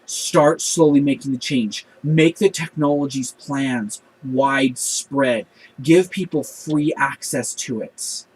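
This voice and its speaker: A man with a husky voice acting out an impassioned woman starship engineer making an urgent, earnest appeal. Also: mid-range voice, slow, rough recording. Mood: insistent.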